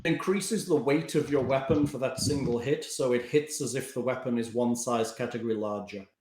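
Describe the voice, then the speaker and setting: A man's voice: medium pitch, moderate pace. A man running a tabletop game as game master, handing out rulings with jokes. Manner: lively, jokey rulings. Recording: roomy echo.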